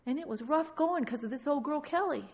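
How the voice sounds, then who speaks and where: A woman with a high, expressive, somewhat mellow voice speaks fairly quickly to her church congregation, fervently exhorting them off the cuff, repeating phrases and stammering. The recording is dull and echoey, as if made in a hall.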